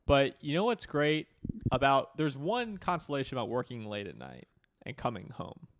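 A young man co-hosting a podcast in casual chat, easygoing and quick with jokes. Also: mid-range voice, very animated. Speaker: podcast co-host.

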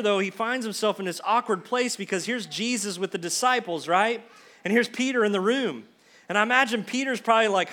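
A pastor delivering a folksy, story-driven sermon. His voice sits high for a man, and he often doubles back on words as he goes. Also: a bit bright. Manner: folksy storytelling, repeats words when restarting.

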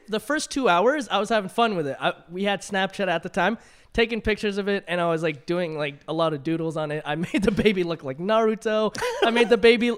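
A young man co-hosting a casual podcast chat, an animated storyteller who laughs often. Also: high voice. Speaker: podcast co-host.

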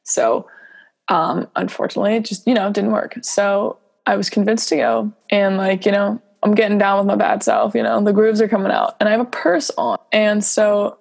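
A young woman with a slightly husky voice tells a story on a podcast. She chats loosely, giggles often and fills her talk with "like" and "you know". She acts out quotes along the way. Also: mid-range voice, lively intonation, moderate pace, darkish tone. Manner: chatty, giggly, full of fillers and acted-out quotes. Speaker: podcast co-host. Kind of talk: casual storytelling chat.

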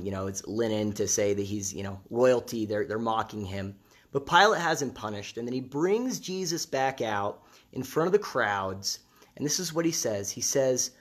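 A man preaching a sermon in a conversational way, repeating phrases for emphasis. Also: mid-range voice.

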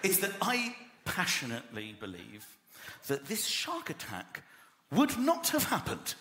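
Animated high-voiced male stand-up comic. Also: a little slow. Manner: animated, acts out voices and shouts punchlines. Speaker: stand-up comedian. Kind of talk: stand-up comedy routine. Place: live comedy venue with audience. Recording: roomy live venue with loud crowd noise. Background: audience laughter.

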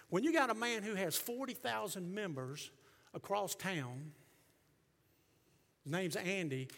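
A middle-aged male pastor preaching a sermon, emphatic, surging loud and then dropping low. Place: church sanctuary. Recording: long reverb of a church hall.

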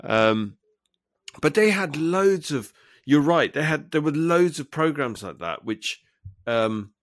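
A man's voice: a little high, slow pace, no echo. A man in his fifties chatting casually as a podcast host, laughing often and jumping into silly voices. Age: 50s. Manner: animated, laughs often, jumps into put-on voices. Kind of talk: casual chat.

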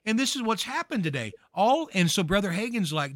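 A man speaking as a guest minister, preaching with fervor and building to emphatic shouts. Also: high voice, sing-song, brisk, few pauses, dry recording, studio quality. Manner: emphatic, rises to shouting peaks. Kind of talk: fervent preaching talk.

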